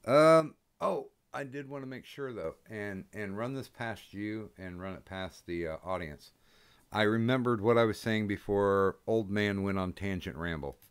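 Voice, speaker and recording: A man hosting a casual stream chat, relaxed and rambling, with many hesitations. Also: fairly low pitch, a little slow, clear, resonant tone. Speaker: stream host.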